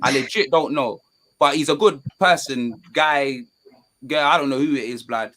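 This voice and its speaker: A young man, chatting casually about football on a video call stream, loud and jokey, full of slang. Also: medium pitch, normal speed, no echo. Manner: loud, jokey and animated, heavy London slang. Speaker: guest.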